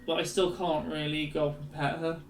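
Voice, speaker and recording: A man's voice: a little high, level tone, a little fast, a loud crowd. A man streaming while he draws, chatting casually and rambling with lots of fillers. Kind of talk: casual chat while drawing.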